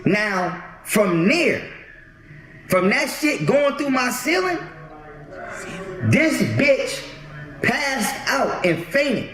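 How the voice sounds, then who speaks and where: A man telling an animated story in a casual group chat, emphatic and swearing, with stumbling restarts. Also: very high voice, extremely slow, long pauses, roomy sound. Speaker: storyteller guest.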